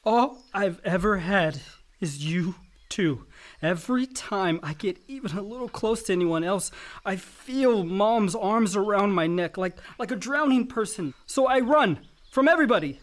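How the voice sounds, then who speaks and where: A man's voice: high-pitched, expressive, unhurried. An actor playing Chip, a grown son who is anguished and lonely, his voice raw and breaking in a radio drama. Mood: confessional.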